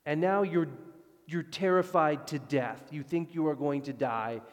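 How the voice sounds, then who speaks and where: A man preaching a sermon, animated, moving between loud emphasis and hushed, calm passages. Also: fairly high pitch, unhurried. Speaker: pastor. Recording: long hall reverb.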